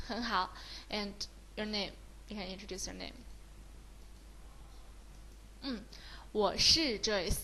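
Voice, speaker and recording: Female Mandarin tutor, Chinese accent, higher voice, patient and encouraging, switches between English and Mandarin. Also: a bit bright, a little hiss or hum, rough recording. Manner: mixes English with Mandarin, praises often. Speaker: Mandarin teacher. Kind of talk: slow, encouraging beginner lesson.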